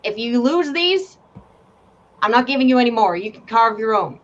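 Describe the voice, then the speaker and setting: Fed-up tavern game master guy, voiced by a woman, high and bossy, lo-fi. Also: big pitch swings, slow pace, a bit bright, full character voice. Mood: exasperated. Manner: exasperated, bossy. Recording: dull lo-fi with faint hiss.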